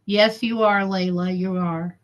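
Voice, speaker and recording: A woman's voice: mid-range voice, steady tone, measured pace. A middle-aged woman chatting casually on her livestream, heckling and giggling as she reads viewers' comments. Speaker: livestream host.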